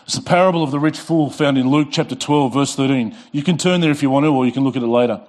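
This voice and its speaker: A middle-aged man preaching a sermon in church, emphatic, rising in pitch and volume when reading scripture and slowing down to stress key words. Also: a little mellow. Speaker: pastor. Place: church sanctuary.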